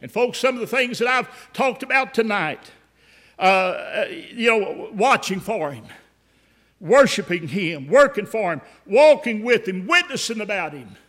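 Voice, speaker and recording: A man's voice: high voice, lively intonation, unhurried, fairly bright tone. A man preaching an emphatic revival sermon, telling stories and repeating words as he builds.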